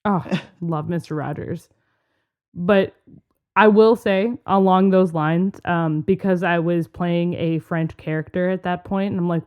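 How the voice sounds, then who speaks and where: Lively woman podcaster, low voice, lo-fi sound. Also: a little slow, smooth. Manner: animated storyteller, laughs often. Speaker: podcast co-host, teacher. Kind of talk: casual chat. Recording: dull lo-fi podcast audio.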